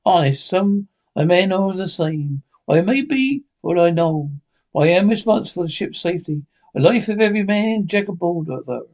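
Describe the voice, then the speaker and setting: A man's voice: animated, moderate pace, darkish tone. A man doing a stern, blunt sea captain. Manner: blunt, formal, raised pitch. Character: gruff, stern older male ship captain. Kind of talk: audiobook character reading.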